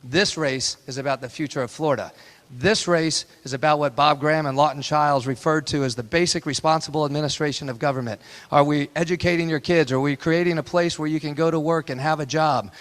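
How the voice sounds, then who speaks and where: A man's voice: on the high side, fairly quick. Impassioned man giving a campaign speech. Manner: impassioned, folksy storytelling with repeated rhetorical lines. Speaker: political candidate. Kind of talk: town hall campaign speech. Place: town hall meeting room.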